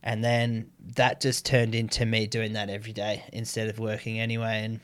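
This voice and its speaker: A man's voice: fairly low pitch, monotone, normal speed, clear, resonant tone. A young Australian man, a stand-up comedian, telling crude stories in a loose, laid-back way. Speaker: stand-up comedian, podcast guest. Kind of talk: casual chat.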